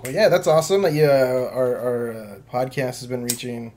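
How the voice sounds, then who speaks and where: A man co-hosting a podcast, steering the casual chat with questions and quick bursts of speech. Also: medium pitch, fairly even intonation, darkish tone, a little hiss or hum. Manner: steers the talk, quick bursts, easy laughter. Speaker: podcast co-host.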